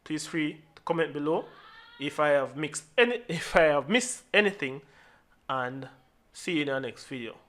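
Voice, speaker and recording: A man who produces music, explaining his mixing steps in a relaxed tutorial and often restarting and repeating words as he goes. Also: a little high, normal speed. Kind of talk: screen-recorded tutorial walkthrough.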